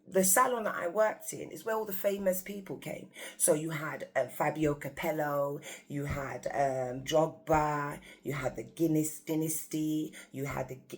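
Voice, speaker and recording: A woman telling a story to her viewers in a casual, animated, exclamatory way. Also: deep voice. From England. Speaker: vlogger.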